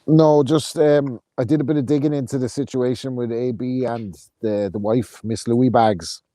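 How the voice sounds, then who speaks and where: A man's voice: medium pitch, steady tone, normal speed, mellow, no echo, studio quality. A man co-hosting a podcast, bantering and laughing often. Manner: laughing, jokey. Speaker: podcast co-host. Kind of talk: casual banter.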